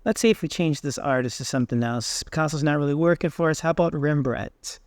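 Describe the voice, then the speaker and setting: A man hosting a software tutorial, casually thinking aloud with fillers as he tries things on screen. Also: on the high side, fast, dry recording, clean studio sound. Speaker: tech tutorial host. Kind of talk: screen-recorded software walkthrough.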